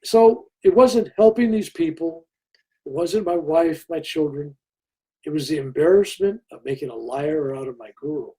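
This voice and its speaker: Somewhat high and slightly rough, at a moderate pace, an older interview guest recounts a story in conversation, animatedly voicing what other people said.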